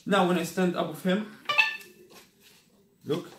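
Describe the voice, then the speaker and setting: Taking it slowly, a man whose voice sits high and whose intonation stays fairly even reviews a scooter in a casual unboxing demo. A native Arabic speaker, he uses non-native English and asks "you got me?" a lot, recorded in an echoey room with faint noise.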